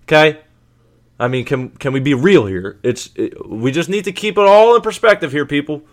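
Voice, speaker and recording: A man hosts his own sports show in a loose, emphatic monologue. His voice sits slightly high, and he drives his points home by repeating them and asking rhetorical questions. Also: animated, normal speed. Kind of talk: casual sports commentary monologue.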